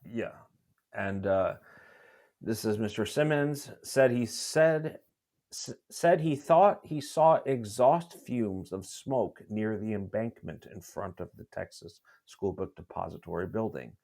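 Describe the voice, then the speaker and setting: A man's voice: lowish voice, darkish tone. A man hosting a podcast, reading testimony from documents aloud and adding commentary, with frequent halts and restarts. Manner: halting, many restarts while reading documents. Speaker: podcast host.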